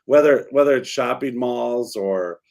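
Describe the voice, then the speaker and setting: A man's voice: medium pitch, a little mellow. Man talking through ideas on radio. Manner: long, halting explanations. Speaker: realtor and radio co-host. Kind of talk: casual radio talk. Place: radio studio.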